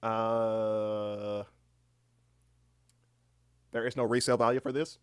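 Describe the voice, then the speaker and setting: A man chatting casually on a live stream, rambling and swearing freely, reading aloud haltingly with lots of fillers. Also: on the low side, little pitch movement, clear, resonant tone, no echo, clean studio sound. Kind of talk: casual livestream chat.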